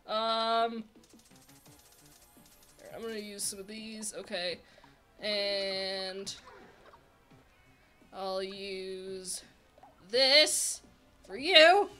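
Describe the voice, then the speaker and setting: A young woman giving casual, excitable game commentary and chatting to the characters on screen. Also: medium pitch, very slow, long pauses, faint music behind. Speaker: let's play host.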